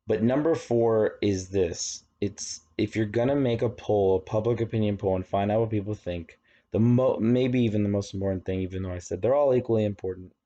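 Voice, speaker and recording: Chatty low-voiced man lecturing, lo-fi. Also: mellow. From Virginia, United States. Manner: chatty, rambling asides, frequent fillers. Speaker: college government teacher. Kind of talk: recorded online lecture.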